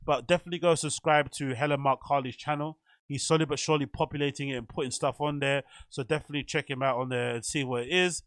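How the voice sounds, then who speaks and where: A man's voice: mid-range voice, steady tone, fast, fairly bright tone, dry recording. A man hosting a show, giving chatty, opinionated commentary with meandering asides. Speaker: host. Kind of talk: casual commentary.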